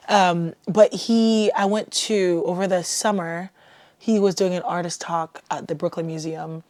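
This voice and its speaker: Young woman from haiti rambling on her podcast, warm mellow tone, lots of likes, dry close sound. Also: medium pitch, unhurried, no room sound. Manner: chatty and self-deprecating, with lots of "like". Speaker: podcast host. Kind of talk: casual solo podcast chat.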